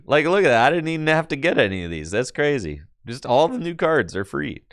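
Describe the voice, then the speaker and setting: A man streaming a card game on his computer, chatting casually and excitably with his viewers in slang, with bursts of laughter. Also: on the high side, brisk, few pauses, no echo, studio quality. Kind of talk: casual live-stream chat while playing a card game.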